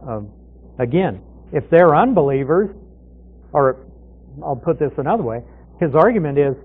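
A man's voice: fairly high pitch, expressive, moderate pace, long pauses, slightly rough. A man teaching through a Bible passage verse by verse, in a conversational way, asking questions and answering them himself. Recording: tinny phone-like radio broadcast.

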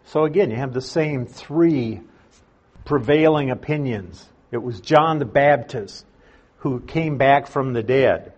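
A male Bible teacher works through scripture at a slow, deliberate pace, with a husky, slightly breathy voice at a middle pitch. He keeps a conversational manner and circles back to restate each point. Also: muffled recording. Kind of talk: verse-by-verse Bible study teaching.

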